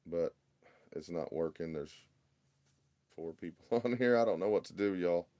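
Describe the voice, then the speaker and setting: A man with a drawl and a very deep, low voice, talking casually on a livestream. He mutters and sounds exasperated, picked up by a phone in his home workshop. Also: moderate pace, warm tone, dry recording. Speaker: RC hobby livestream host.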